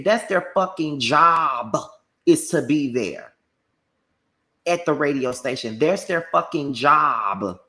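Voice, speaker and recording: A man delivering a combative, profane commentary rant packed with rapid-fire rhetorical questions. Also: a little high, lively intonation, bright, forceful tone. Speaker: commentary YouTuber.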